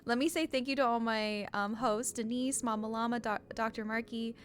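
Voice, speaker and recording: A woman's voice: a little high, fairly even intonation, moderate pace, faint music behind. A woman streamer chatting casually on a live stream, bubbly, greeting viewers by name, often laughing and getting emotional.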